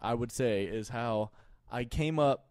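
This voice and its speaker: A man's voice: medium pitch, unhurried, dry recording. A man hosting a podcast in a small home studio, joking and interrupting in a casual chat. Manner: lively, joking, interrupts often. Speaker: podcast host.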